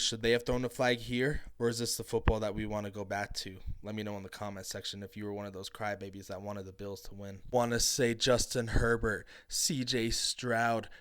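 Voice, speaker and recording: Man, sports rant, mocking and profane, brash trash talk, average pitch. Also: smooth. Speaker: sports commentator. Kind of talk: heated sports reaction rant.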